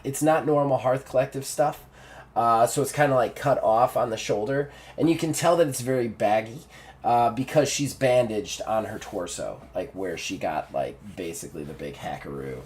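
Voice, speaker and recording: A man narrating a tabletop game as game master, casual and swearing freely. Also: medium pitch. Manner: casual, swears, laughs easily.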